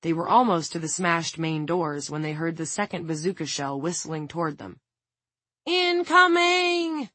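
A woman reading an audiobook in a measured, dramatic narration. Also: low-pitched, steady tone, husky, no room sound.

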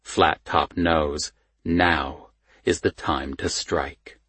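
A man reading a first-person thriller audiobook in a tense, measured storytelling manner on a close studio mic. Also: rumbling low, steady tone, a bit bright, breathy edge, no echo. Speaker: audiobook narrator.

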